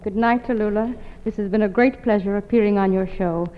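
A woman's voice: mid-range voice, fairly even intonation, fairly quick. A woman guest on a 1950s radio variety show, speaking in a homely, motherly way. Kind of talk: 1950s radio comedy dialogue. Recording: dull 1950s radio broadcast in a reverberant studio.

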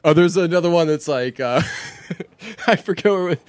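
A man's voice: fairly high pitch, animated, normal speed, no room sound. A man co-hosting a podcast, telling stories in a rambling, profane way in casual chat.

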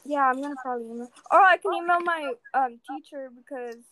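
A teenage girl chatting casually, venting in an animated way with lots of fillers. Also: sits high, fast talker, no room sound, low-quality recording. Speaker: student. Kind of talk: casual chat.

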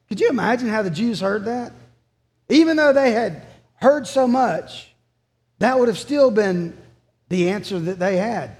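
A man's voice: high voice, expressive, moderate pace, in a large hall. A man preaching a sermon as pastor, earnest and emphatic.

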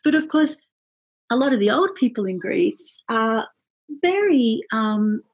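A woman musician telling a travel story in casual chat, animated, acting out the people she quotes. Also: a little slow, breathy edge. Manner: animated, acts out quoted voices with big pitch jumps. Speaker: musician and podcast guest.

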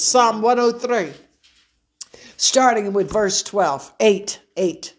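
A woman's voice: medium pitch, slow. A middle-aged woman preaching a sermon, emotional and fervent, calling out to the congregation.

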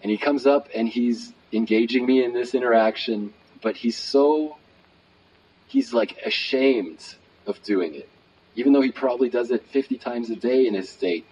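A man telling a personal story as a guest, lively and casual with many fillers. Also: medium pitch, moderate pace. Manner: animated, acts out quotes, many fillers. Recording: dull recording with faint noise.

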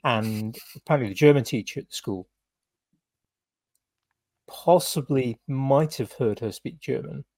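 Rambling British man, husky voice. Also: medium pitch, measured pace, pauses often, darkish tone, no room sound. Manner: rambling anecdotes with many fillers and restarts. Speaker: podcast co-host. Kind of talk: casual chat.

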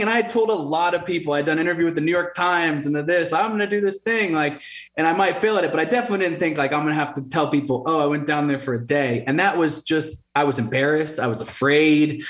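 Man, 30s, interview guest, animated storyteller, highish voice, echoey room. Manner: animated, acts out quoted voices. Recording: roomy echo.

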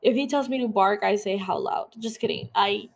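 A woman's voice: mid-range voice, fairly quick, gravelly. A woman hosting a podcast, chatting casually about a TV episode with lots of fillers and free swearing. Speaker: podcast host. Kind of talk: casual TV recap chat.

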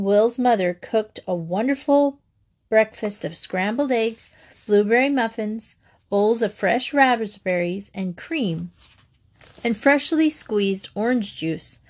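A woman narrating a children's storybook aloud in a gentle, even manner. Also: medium pitch.

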